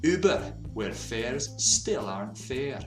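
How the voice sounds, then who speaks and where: A man acting as a voice coach in a tutorial video, enunciating tongue twisters clearly. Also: mid-range voice, big pitch swings, slow pace, echoey room, soft background music.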